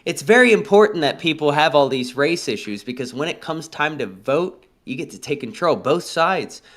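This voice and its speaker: Speaking at normal speed, this man co-hosts a livestream with an animated, high-leaning voice and a fairly bright tone. His casual political talk is a blunt lecture, peppered with "all right?" check-ins.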